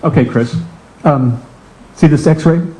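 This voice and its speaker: A man voicing a matter-of-fact male doctor explaining an X-ray calmly. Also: on the high side, slow, rough recording.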